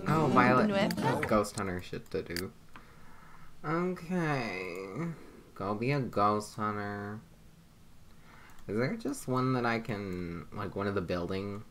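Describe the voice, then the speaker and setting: A woman's voice: a bass voice, animated, takes it slowly, long pauses. A young adult woman giving casual commentary on her life-simulation game, chatty and laughing often, swearing freely. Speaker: gameplay commentator. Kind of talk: casual let's-play commentary. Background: loud game music.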